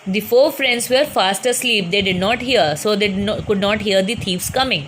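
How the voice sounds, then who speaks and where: A woman's voice: medium pitch, moderate pace, few pauses, fairly bright tone, slight background noise, low-quality recording. A woman teacher with an Indian English accent reads a story lesson aloud and patiently explains each hard word. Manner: patient, repeats and explains words.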